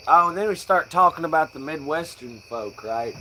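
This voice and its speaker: A man's voice: on the high side, animated, normal speed, pushed and bright, a little hiss or hum, rough recording. A young man hosting a live stream, joking around loosely and swearing in casual banter. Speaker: livestream host. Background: crickets.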